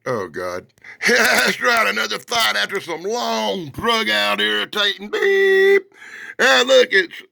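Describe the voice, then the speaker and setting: A man reviews a vintage comic, loud and mocking, often shouting. His voice is high and lively, heavy with gravelly fry. It sounds sharp and dry, with no room around it. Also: takes it slowly, no room sound. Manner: loud, mocking, excitable, swings between shouting and muttering. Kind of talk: casual, rowdy comic review.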